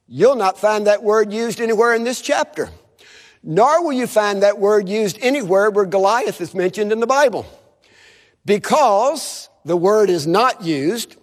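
A man preaches with a high, lively voice that swoops up and down as he leads the crowd in repeating lines. His sermon rings out through a hall with a long echo. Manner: animated, has the audience repeat phrases. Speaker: visiting preacher. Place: chapel service.

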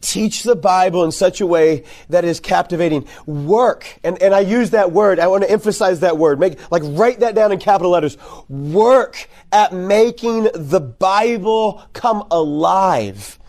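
A man speaking to youth ministry workers at a conference. He talks in an animated, conversational way, keeps checking in with "right?", and makes jokes. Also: high voice, normal speed, few pauses. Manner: jokey, repeats key words for emphasis.

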